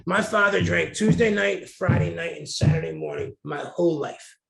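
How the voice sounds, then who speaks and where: A middle-aged guest from New Jersey shares frank, colorful stories during a storytelling interview. He speaks at normal speed in a somewhat high voice with vocal fry, and the room gives the recording a noticeable echo.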